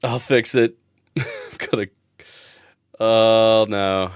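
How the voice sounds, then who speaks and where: A man's voice: fairly low pitch, steady tone, drawn-out words, clean tone, dry recording, clean studio sound. A man hosting as game master, flustered and self-deprecating, muttering to himself while fixing his stream setup. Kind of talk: casual stream setup chat.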